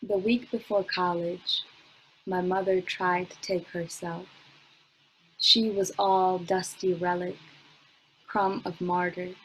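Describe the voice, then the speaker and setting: Slow, even-voiced young woman poet. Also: lowish voice, slight background noise, rough recording. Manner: slow, measured delivery with long pauses, chatty with fillers between poems. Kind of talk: spoken word poetry reading. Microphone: computer mic on a video call.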